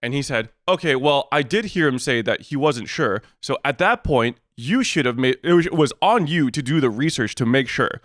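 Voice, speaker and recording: A man co-hosting a podcast retells a frustrating story in casual chat, switching between voices for each side of the exchange. He swears freely and sounds exasperated. His voice sits at an ordinary pitch and the recording is close and dry, with no room echo. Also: moderate pace, hardly any pauses. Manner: animated retelling, acts out both sides of the exchange. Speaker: podcast co-host.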